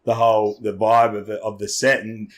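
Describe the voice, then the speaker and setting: A man's voice: lowish voice, flat delivery, normal speed. A man with an Australian accent, a podcast guest telling stories in a loose, rambling way, swearing freely and restarting often. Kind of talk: casual storytelling chat.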